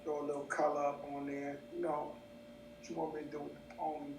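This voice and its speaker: Brief: New man, high and animated, livestreaming on a phone at home, roomy and distant sound. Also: a little fast, noisy background. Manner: boisterous, animated storytelling. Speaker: host. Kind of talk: casual live-stream chat. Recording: echoey room, voice off-mic.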